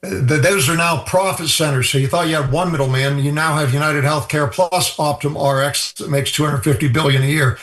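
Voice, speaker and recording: Man, radio guest, matter-of-fact, explanatory, slightly higher voice. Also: fairly even intonation, brisk, hardly any pauses, fairly bright tone, echoey room. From Ireland. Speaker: healthcare cost guest.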